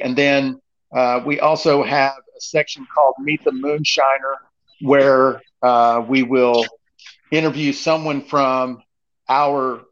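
A man in casual podcast chat, talking things through in a steady, earnest manner. His voice sits at an ordinary middle pitch. It comes through earbuds on a muffled, lo-fi line. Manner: explains at length in a steady, earnest way. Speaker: podcast co-host. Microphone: earbuds mic. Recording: muffled lo-fi call audio.

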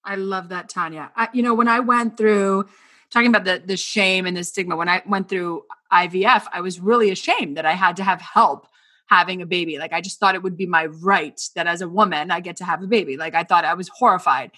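A woman's voice: lowish voice, steady tone, fairly quick, sharp tone. A woman hosting an interview, chatty and empathetic, who often says "like". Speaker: podcast host. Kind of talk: conversational interview.

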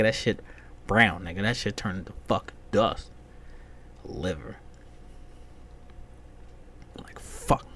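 A man hosting a solo comedy podcast, ranting profanely and swinging from loud outbursts to muttered whispered asides. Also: mid-range voice. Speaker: podcast host.

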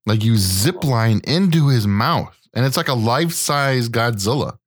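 A man's voice: mid-range voice, expressive, a little slow, no echo, studio quality. An American man in his thirties, co-hosting a podcast in casual chat, joking, swearing often and acting out quotes. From United States. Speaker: podcast co-host.

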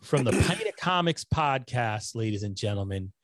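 A middle-aged man hosting a casual livestream from home, rambling and joking at his own expense, a little hoarse from talking. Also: mid-range voice, big pitch swings, normal speed, no echo, clean studio sound. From Connecticut. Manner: rambling, self-deprecating, joking. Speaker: host of a nonprofit news livestream. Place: home room lit with LED lights. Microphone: desktop microphone.

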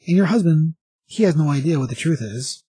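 A man's voice: a little high, lively intonation, a little fast, warm tone, husky, no room sound. A man doing a grim, threatening antihero. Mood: menacing. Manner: threatening, blunt.

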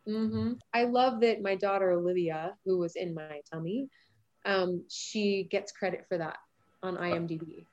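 The recording is muffled, carrying a lowish female voice at a moderate pace. She's a thirty-something actress chatting casually as an interview guest, spinning animated stories and laughing a lot.

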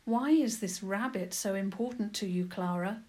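A kind, earnest schoolboy, read by a woman storyteller. He talks softly, close to the teller's own voice. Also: mid-range voice, moderate pace, lightly acted. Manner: soft-spoken, earnest.

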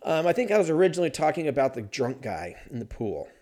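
A man's voice: fairly high pitch, big pitch swings, fast, dark tone. A man talking casually on his own, rambling and joking with plenty of swearing. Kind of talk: casual solo chat.

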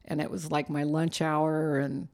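Chatty middle-aged woman, lowish voice. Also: little pitch movement, unhurried, gravelly, darkish tone. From southern California. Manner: chatty storyteller, laughs often. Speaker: guest, host's mother. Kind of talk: casual chat.

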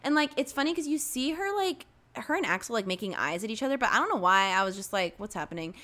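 A young woman with a fairly high voice talks through a movie plot in loose, excited chat. She keeps slipping into quoted voices of the characters, and her delivery stays lively and animated throughout. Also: fast. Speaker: podcast co-host. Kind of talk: casual chat recapping a movie.

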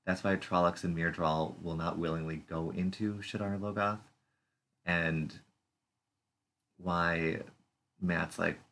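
A podcast co-host chats casually while recapping a TV episode, cracking playful jokes, doing silly voices and making puns. His voice is low, gravelly and slightly bright.

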